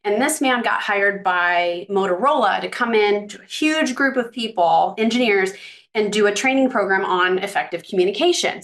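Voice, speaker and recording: A woman's voice: mid-range voice, fairly bright tone. A woman in her fifties, a career coach, chatting as a podcast guest and reflectively telling stories about her career over a video call. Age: 50s. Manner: reflective, storytelling, chatty with restarts. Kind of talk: casual podcast conversation.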